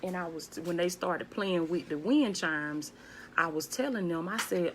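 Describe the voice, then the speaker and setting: A woman with a low voice talks casually to a live-stream audience from her home. Her delivery is laid back and hushed, and she greets viewers by name as she goes. A faint noise sits under the phone recording. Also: a little slow. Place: at home, indoors.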